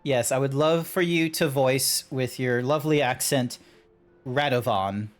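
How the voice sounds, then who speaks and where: A man's voice: medium pitch, unhurried, soft background music. A man streaming a game, talking in a rambling, chatty way with lots of fillers. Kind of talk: casual live-stream chat.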